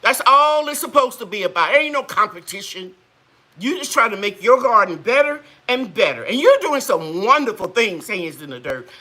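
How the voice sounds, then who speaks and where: A woman's voice: fairly high pitch, sing-song, moderate pace, sharp tone. A woman hosting a live gardening chat, folksy and chatty, greeting viewers and laughing often. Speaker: gardening channel host.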